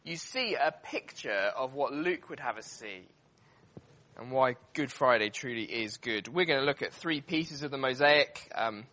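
A man preaching a sermon, emphatic and animated, with frequent fillers and restarts. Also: medium pitch, unhurried.

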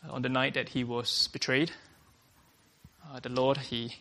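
A male preacher with a gravelly, creaky voice delivers an earnest sermon at a mid pitch. He often restarts a phrase and opens lines with "uh," restating each point as he goes. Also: flat delivery, a little slow, sharp tone.

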